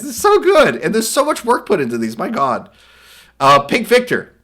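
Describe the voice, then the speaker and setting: A young man streaming, casually reacting to viewer art and reading its captions aloud, laughing often and slipping into quick silly voices. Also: fairly high pitch, huge pitch swings, a bit bright.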